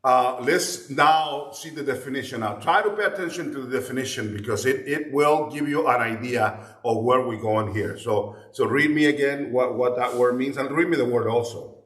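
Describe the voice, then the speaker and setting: A man's voice: medium pitch, moderate pace, hardly any pauses, fairly bright tone. A man giving a Bible teaching class, explaining in a patient way and often repeating words while he searches for the next one. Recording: roomy echo.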